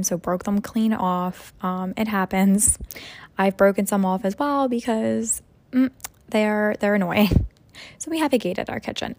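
A young mother talks in a loose, rambling way, filling her sentences with "you know" and "like." Her voice has a gravelly fry to it. The recording is dry, with no room sound. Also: medium pitch, darkish tone, no echo. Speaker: mom sharing personal reflections. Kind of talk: casual rambling monologue.

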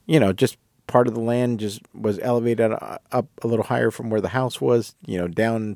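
This podcast host has a lowish voice and tells his story casually, rambling and correcting himself in an animated retelling. It's recorded to studio quality without any echo.

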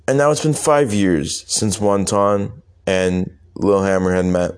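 Young guy making up a crude story as he goes, slow and low, keeps restarting. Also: clean tone. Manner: rambling, profane, halting restarts. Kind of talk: improvised comic story narration.

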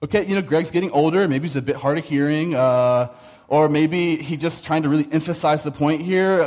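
Man preaching with quiet intensity. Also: a little high, brisk. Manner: storytelling, acts out quoted voices, drops to quiet intensity. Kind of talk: sermon.

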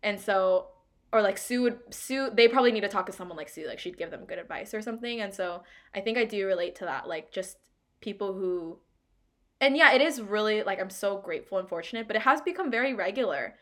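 Bright-voiced young woman chatting heartfelt. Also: medium pitch, expressive, brisk. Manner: heartfelt, rambling, heavy use of "like". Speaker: podcast co-host. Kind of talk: casual chat.

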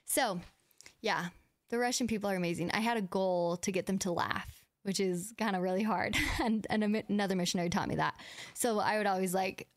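A woman's voice: medium pitch, steady tone, a little fast, no echo, clean studio sound. A young woman casually telling personal stories as a podcast host, chatty and full of "like". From United States. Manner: chatty, fills speech with "like", acts out quoted dialogue.

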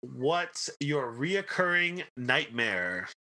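A man's voice: medium pitch, big pitch swings, very slow, pushed and bright. A man hosting a casual podcast, asking questions and giving short replies. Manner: asks questions, brief backchannel replies. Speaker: podcast host. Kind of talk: casual chat.

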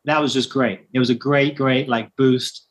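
British man telling a lively anecdote. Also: medium pitch, normal speed. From Britain. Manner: animated anecdote telling, acting out quoted voices. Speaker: guest runner. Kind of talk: casual storytelling.

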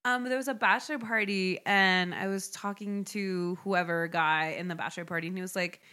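Young woman cohost, chatty and candid, laughs a lot mid-story, mid pitch. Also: fairly even intonation, brisk, few pauses, pushed and bright, clear, resonant tone. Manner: candid, laughs often while telling stories. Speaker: podcast co-host. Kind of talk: casual chat.

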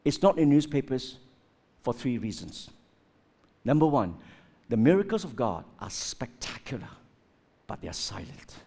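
A man preaching a sermon with lots of rhetorical questions, swinging between loud outbursts and hushed asides. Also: medium pitch, very animated, moderate pace, gravelly, long pauses, slightly rough.

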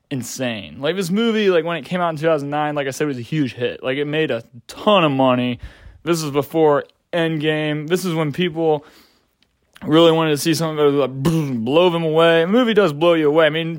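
A young man reviews a film in a loose, rambling way, full of filler words and the odd casual curse. His voice sits a little higher than most men's, and the recording is dry and close, with no room sound. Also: a little fast, no room sound. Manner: rambling, filler-heavy, slangy, swears casually. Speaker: movie reviewer.

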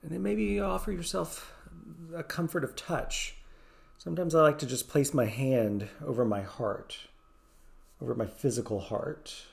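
A man leading a guided meditation, giving slow, gentle, soothing instructions. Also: on the high side, gravelly.

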